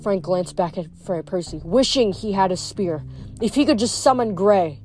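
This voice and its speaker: A woman's voice: mid-range voice, lively intonation, a little mellow, faint music behind. Woman reading a novel aloud. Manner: measured reading with small stumbles. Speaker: audiobook reader.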